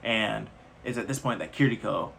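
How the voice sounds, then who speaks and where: A man's voice: lowish voice, normal speed, gravelly, fairly bright tone, a little hiss or hum. Casual man rambling through a movie recap. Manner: loose, rambling retelling with slangy asides. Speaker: movie reviewer.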